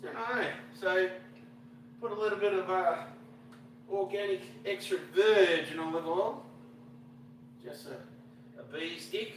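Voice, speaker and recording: A man's voice: high voice, slow pace, long pauses, a little hiss or hum. Rambling Australian man in an echoey room. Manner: rambling, chatty, greets viewers, casual slang. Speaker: fishing vlogger cooking on a livestream. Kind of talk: casual livestream chat.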